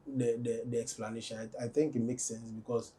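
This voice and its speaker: A man, discussing entertainment news on a talk show in a measured, deliberate way. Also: medium pitch, little pitch movement, mellow. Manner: measured, deliberate, weighs both sides. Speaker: entertainment commentator.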